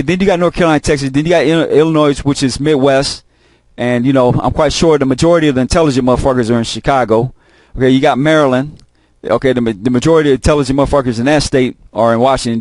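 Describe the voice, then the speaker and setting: A man's voice: medium pitch, steady tone, fast, a little mellow, dry recording. Profane rambling man, dry close sound. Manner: rambling, repeats himself, heavy cursing. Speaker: host of a video channel. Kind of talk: casual profane monologue.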